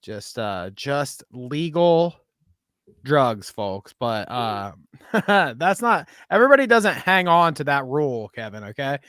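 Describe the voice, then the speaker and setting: A man's voice: medium pitch, sing-song, takes it slowly, a bit bright, no room sound, studio quality. A man hosting a casual comedy podcast, rambling and laughing between his sentences. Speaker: podcast host. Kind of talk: casual chat.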